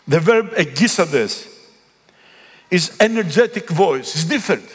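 Male pastor, Greek native speaker, lively sermon delivery with a husky edge, reverberant sanctuary. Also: on the high side, unhurried. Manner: animated preaching, pleading and swelling to calls. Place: church. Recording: long echo of a big hall.

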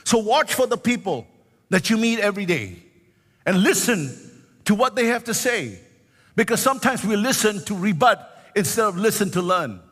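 A man's voice: high voice, very animated, moderate pace, a bit bright, long reverb tail. A man in his sixties preaching a sermon as pastor, fervent, with frequent hallelujahs and a sing-song lift on key words. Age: 60s.

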